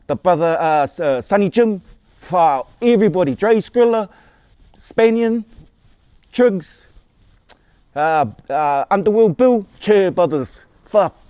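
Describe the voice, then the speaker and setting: A man's voice: high voice, mellow, dry recording. A man, telling his own story to camera in a casual, rambling way, often restarting and repeating words and swearing freely. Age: 40s. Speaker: vlogger.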